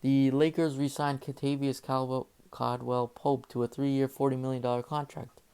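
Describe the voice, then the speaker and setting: A man's voice: medium pitch, little pitch movement, normal speed, a little mellow, smooth. A young man casually reading out sports news as host, hesitant with many fillers and self-corrections. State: slightly out of breath. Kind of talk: casual unscripted news rundown.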